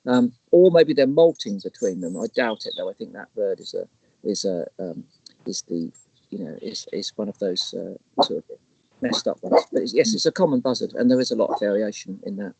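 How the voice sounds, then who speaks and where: A man's voice: fairly low pitch, very animated, a little fast, vocal fry, a little mellow, slightly rough, dry recording, rough recording. A man co-hosting a casual live stream, explaining bird species in a rambling, chatty way with lots of restarts. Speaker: naturalist co-host. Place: outdoors in the countryside.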